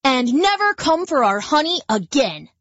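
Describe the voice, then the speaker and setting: A woman's voice: high voice, very animated, normal speed, fairly bright tone, no echo, lo-fi sound, pitched above the performer's own voice. Woman voicing a cocky little male guard bee. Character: bossy male guard bee, brash then sheepish.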